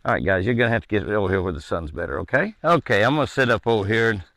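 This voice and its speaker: Man, gravelly voice, casual outdoor ranch vlog, coaxes deer. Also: fairly low pitch, lively intonation, very fast, fairly bright tone, dry recording. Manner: coaxing, chatty, coos to the deer. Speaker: ranch owner filming his deer. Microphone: handheld camera.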